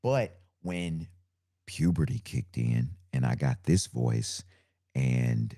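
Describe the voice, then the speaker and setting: A man with a deep bass voice hosting a live solo podcast, talking loosely about energy and spirit and repeating his phrases. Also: very animated, slow pace, gravelly, mellow. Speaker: podcast host.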